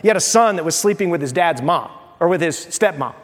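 A man preaching with a high-pitched voice, his words hanging in the long reverb of a large hall. He is a pastor in full sermon mode, animated, slipping into the voices of the people he quotes. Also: a little fast.

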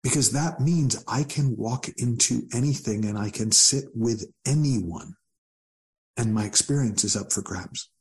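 A man speaking as a guest coach in an interview, calm and thoughtful with a gently wry turn. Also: medium pitch, unhurried. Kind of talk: reflective interview talk.

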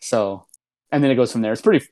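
A man's voice: mid-range voice, fast talker, warm tone. A man in casual conversation, retelling at length in a loose, rambling way with lots of filler words. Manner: rambling retelling, many "um"s and "like"s, restarts. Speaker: podcast co-host reviewing a comedy show. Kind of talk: casual chat.

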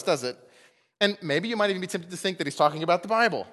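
Male pastor, sermon, joking, lively swooping delivery, slightly high voice, echoing hall. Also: normal speed, long pauses. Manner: animated, joking, laughing often.

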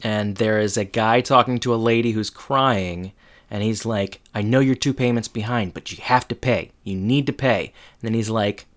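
A man's voice: fairly low pitch, normal speed. A man casually retelling a TV episode, full of fillers like "um" and "like" as he walks through the scenes. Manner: loose, filler-heavy retelling with frequent "like" and "um". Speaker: podcast co-host recapping a TV episode. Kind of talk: casual chat.

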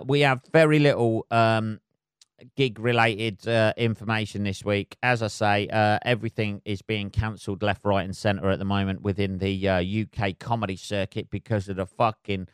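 A man's voice: fairly low pitch, clean tone, no room sound, studio quality. A man hosting a solo comedy podcast, rambling loosely and swearing constantly as he chats.

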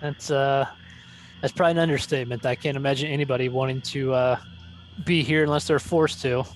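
A man's voice: mid-range voice, fairly even intonation, a little fast. A man playing a tabletop role-playing game, speaking in character in a dry, wry way with hesitant fillers. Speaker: player.

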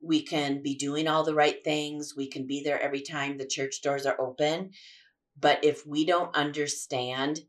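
A woman with a notably low voice leads a devotional Bible teaching. She speaks earnestly and reflectively and often restarts her sentences as she works through her thoughts. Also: steady tone, normal speed. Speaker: podcast host.

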